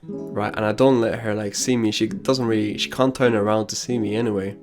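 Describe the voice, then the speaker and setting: A man's voice: on the low side, steady tone, brisk, music in the background. A man giving casual, slangy commentary on an anime and telling personal anecdotes. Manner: casual and slangy, drops crude asides.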